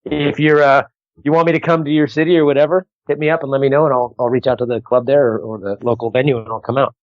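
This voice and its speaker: A man's voice: medium pitch, fairly even intonation, fast talker, no echo. Man talking over a dull call line. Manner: loose, laughing, stumbles over takes. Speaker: guest comedian. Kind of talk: casual chat over a call. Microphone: phone earpiece on a video call.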